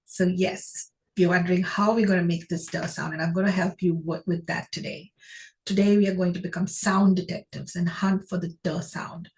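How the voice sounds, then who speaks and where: A woman's voice: lowish voice, fairly even intonation, moderate pace, a little mellow, poor audio. A woman teaching a phonics lesson, who asks her class questions and praises each answer.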